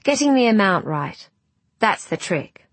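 A woman's voice: mid-range voice, very animated, unhurried, husky, no echo, voice pushed up, heavily acted. A woman voicing a curious, polite young woman who asks eager questions.

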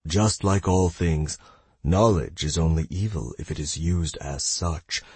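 A formal, slightly awkward deity pleads his case in measured words, as a man voices him in an audiobook. The voice is low and husky. It is recorded dry and close. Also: darkish tone, no room sound, exaggerated voice. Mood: earnest.

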